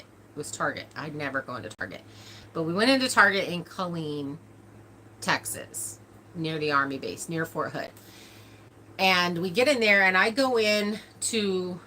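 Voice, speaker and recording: A woman hosts a casual livestream, chatting with her viewers and telling stories in a talkative way with frequent laughter. Her voice sits a little low but sounds bright and forceful. A faint hiss runs under it. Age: adult, older than a cousin nine years younger. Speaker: livestream host of a farm channel. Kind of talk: casual livestream chat, answering viewer comments.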